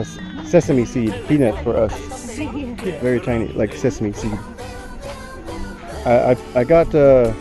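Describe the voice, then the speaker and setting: Playful man cooing at elephants outdoors. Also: medium pitch. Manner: playful, sing-song baby talk to animals. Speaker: tourist filming an elephant visit. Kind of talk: casual chat while feeding elephants. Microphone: handheld action camera.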